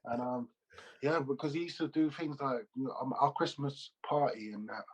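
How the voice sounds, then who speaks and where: A man, a former footballer, telling animated, slangy stories as an interview guest over a video call. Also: medium pitch, moderate pace, breathy edge, low-quality recording. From England. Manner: animated, loose slangy storytelling with repeats. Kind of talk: casual interview storytelling.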